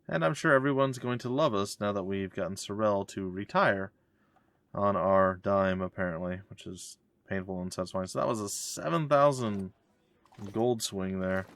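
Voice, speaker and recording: A man's voice: fairly low pitch, normal speed, a bit bright, dry recording. A man giving casual, wry commentary while playing a game and reading its dialogue aloud. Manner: wry, joking asides. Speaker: let's play gamer.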